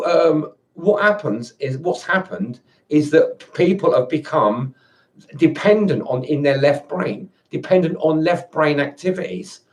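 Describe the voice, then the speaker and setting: A man's voice: a little high, darkish tone. A man in an angry monologue to camera, swearing and repeating himself as he rants. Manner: agitated, swearing, repeats and restarts words. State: angry, worked up. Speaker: video rant maker.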